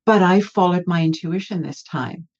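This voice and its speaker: A woman's voice: on the low side, moderate pace, darkish tone, lo-fi sound. A woman guest in an interview, telling her own story candidly with self-mocking humour. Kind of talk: storytelling in conversation.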